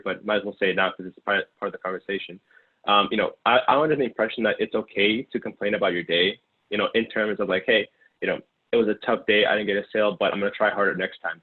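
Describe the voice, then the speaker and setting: A man in his twenties, originally from Ukraine, tells his story quickly and loosely, full of fillers and restarts. His voice is somewhat low and husky. The sound is narrow and tinny, like a phone line. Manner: rambling, many fillers and restarts. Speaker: guest, former sales intern. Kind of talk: casual interview storytelling.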